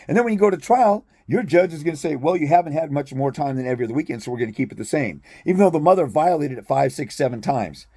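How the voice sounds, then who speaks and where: A man's voice: high voice, warm tone, no echo, studio quality. A man ranting bluntly and profanely to his viewers as a fathers' rights advocate, exasperated and confrontational.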